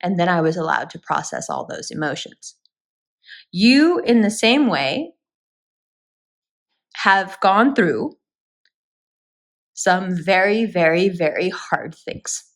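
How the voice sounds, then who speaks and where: A woman's voice: lowish voice, animated, slow pace, long pauses. A woman giving a spoken tarot reading, talking straight to her viewers in an earnest, reassuring way. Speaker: tarot reader.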